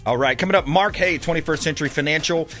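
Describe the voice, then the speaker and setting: A man hosting a radio talk show in a casual, animated and indignant way. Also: fairly high pitch, fast, soft background music.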